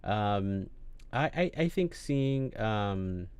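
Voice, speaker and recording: A man's voice: fairly low pitch, expressive, extremely slow, darkish tone, clear, resonant tone, no echo. A man hosting a podcast in casual chat, hesitant, with many fillers and restarts. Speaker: podcast host.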